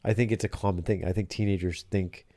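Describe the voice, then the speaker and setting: A man's voice: low voice, fairly even intonation, fast talker, warm tone, no room sound, clean studio sound. A middle-aged man hosting a casual chat with his daughter, rambling and searching for words as he talks. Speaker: podcast host.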